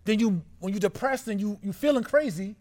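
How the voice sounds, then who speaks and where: A man's voice: high voice, brisk, darkish tone. A man hosting a casual interview, asking questions and sharing encouraging faith talk. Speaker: podcast host.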